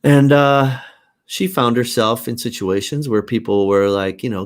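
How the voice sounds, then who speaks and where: A man hosting a casual live stream, talking earnestly and haltingly as he thinks aloud. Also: medium pitch, fairly even intonation. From Canada. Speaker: host.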